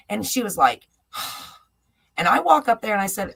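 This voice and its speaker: A woman's voice: mid-range voice, lively intonation, normal speed, gravelly, husky. Woman telling a heartfelt story. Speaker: co-host. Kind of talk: casual chat.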